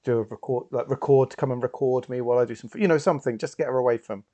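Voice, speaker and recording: A man's voice: mid-range voice, racing, warm tone, no room sound. A man playing a tabletop role-playing game, talking in a rambling, hedging way with many fillers and restarts. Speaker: player.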